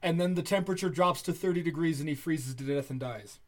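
A man's voice: fairly high pitch, fast talker. A man in casual chat as a podcast co-host, emphatic and indignant, swearing freely.

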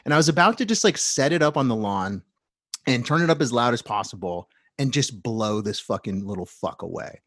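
A man telling a long story in casual, animated chat, swearing often and restarting his sentences. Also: mid-range voice, fairly quick, dry recording, clean studio sound. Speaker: storyteller in a talk.

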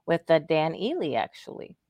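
Co-host, mid pitch, backs the host with quick agreeing asides, dry close sound. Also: very animated, a little mellow, no echo. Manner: backchannels with frequent agreeing murmurs. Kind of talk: casual chat show talk.

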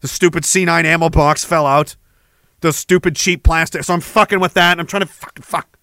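A man's voice: on the high side, fairly even intonation, brisk, no echo. Profane, heated man ranting on a podcast. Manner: profane, heated, jumps between anecdotes and shouted quotes. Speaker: podcast host. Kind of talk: ranting monologue.

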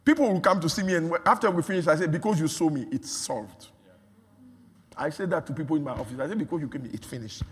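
A man preaching a sermon, repeating phrases and building from quiet talk to shouts. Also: on the high side, quick pace, breathy edge. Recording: long hall reverb.

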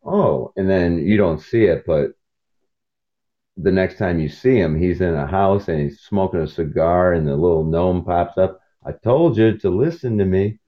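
A podcast host with a deep, slightly slow voice records from his truck cab while driving. He tells rambling, casual stories, jumping between topics and acting out the voices of people in them, and the sound is dull and lo-fi.

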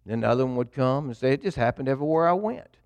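A middle-aged preacher, a man chatting through a personal testimony in an easygoing, folksy way. His voice sits at an ordinary pitch for a man and sounds dry and close, with no room around it. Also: lively intonation, rapid-fire, a little mellow, dry recording. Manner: folksy storytelling, addresses congregation. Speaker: pastor. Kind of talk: sermon testimony.

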